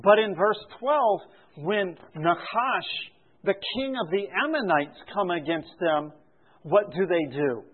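Male preacher, unhurried and deliberate, voice sits high; narrow lo-fi recording. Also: slightly rough. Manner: slow, deliberate teaching with rising emphasis on refrains. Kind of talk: sermon. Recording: phone-like narrow sound.

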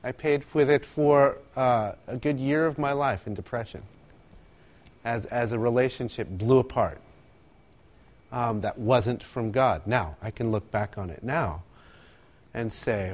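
A man preaching a sermon, telling stories with animated asides and acting out quotes. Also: mid-range voice, unhurried. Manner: animated storytelling, acts out quotes, laughs often. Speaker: pastor.

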